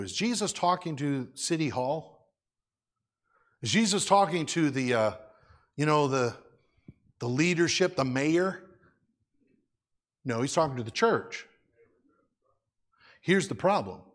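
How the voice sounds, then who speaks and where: Pastor guy preaching, chatty, keeps throwing questions at the church, voice a bit high. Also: very animated, a little slow, pauses often. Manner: conversational, asks the congregation rhetorical questions. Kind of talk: sermon.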